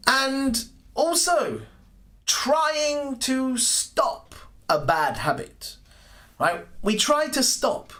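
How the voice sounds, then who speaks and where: An English teacher leading a live online lesson, drawing out each example phrase at a slow, deliberate pace. The voice rises and falls widely, sounding encouraging as they welcome viewers by name and praise their answers. The pitch sits in a middle range. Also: a bit bright.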